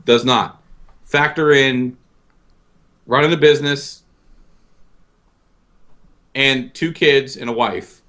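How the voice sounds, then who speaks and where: A man's voice: mid-range voice, steady tone, slow, long pauses, a bit bright. Rambling self-mocking podcast guy. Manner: self-deprecating, rambling, stammers and restarts. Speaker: guest co-host. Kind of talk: casual podcast chat.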